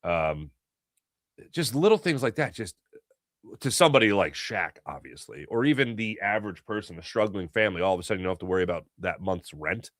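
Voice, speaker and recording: A middle-aged man from Philadelphia hosting a casual sports talk show, telling animated stories and acting out voices. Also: deep voice, brisk, no room sound, clean studio sound. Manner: animated storytelling, acts out voices.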